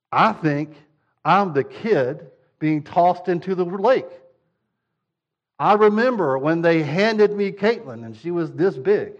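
A father and preacher telling humorous stories in a sermon, acting out scenes with swinging energy. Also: fairly high pitch. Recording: dull lo-fi recording.

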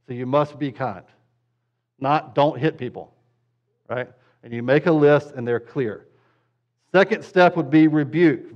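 A man's voice: mid-range voice, dull audio. A pastor teaching parents in a casual, conversational way, with joking asides, who keeps checking in with his listeners.

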